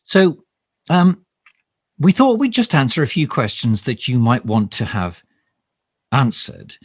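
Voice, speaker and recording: A man with a mid-range, husky voice speaks a little slowly, his pitch swinging widely, as a satirical minister in an improvised mock live stream. Bumbling, self-important, and overly formal, he rambles and stammers through ums and restarts. It's a studio-quality recording with no room sound.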